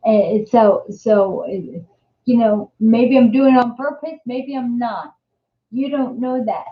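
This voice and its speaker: A woman's voice: fairly high pitch, slow. An older woman with a New Jersey accent hosting a casual live-stream chat, rambling and chatty with many restarts. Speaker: host. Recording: echoey room, dull lo-fi sound.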